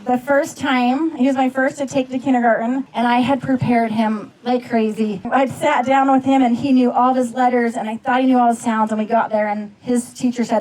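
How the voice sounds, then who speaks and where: Tearful mother, mellow voice, faint music. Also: on the high side, fairly even intonation, a little fast, hardly any pauses, a little hiss or hum, low-quality recording. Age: middle-aged. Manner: tearful, laughing through her words. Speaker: mother of the groom. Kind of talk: emotional personal tribute.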